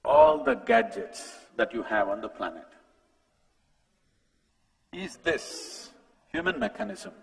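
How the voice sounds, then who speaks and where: A man giving a public talk at a conference. He is animated, asks rhetorical questions and speaks straight to the audience. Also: sits high, unhurried, vocal fry, long pauses. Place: large conference hall. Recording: long hall reverb.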